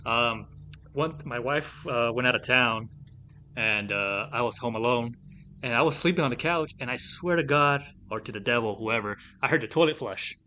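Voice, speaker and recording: A man co-hosting a podcast who chats casually and tells stories in an animated way, swearing often and leaning on fillers. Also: mid-range voice, moderate pace, slight background noise. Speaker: podcast co-host. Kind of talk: casual chat.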